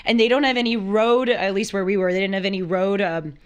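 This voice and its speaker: A woman hosting a talk show, telling a travel story in a lively, chatty way and acting out the people in it. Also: mid-range voice, fast, smooth. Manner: animated storyteller who acts out quoted voices. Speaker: show host. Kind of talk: casual chat.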